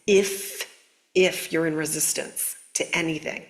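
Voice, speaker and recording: Woman, spiritual coach host, lowish voice, casual earnest delivery. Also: measured pace. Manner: earnest, conversational, animated storytelling.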